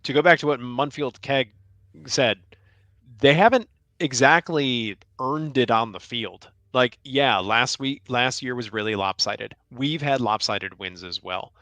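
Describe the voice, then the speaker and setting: A man's voice: medium pitch, a little slow, sharp tone, no room sound. A man co-hosting a sports podcast, reading listener questions with a wry, joking manner. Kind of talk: casual sports podcast chat.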